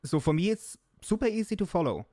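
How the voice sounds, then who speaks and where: A man hosts a relaxed online panel, putting questions to his guests and moderating. His voice sits a little high and sounds close and dry, with no room around it. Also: quick pace, dry recording. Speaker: host of the panel. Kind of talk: casual online panel chat.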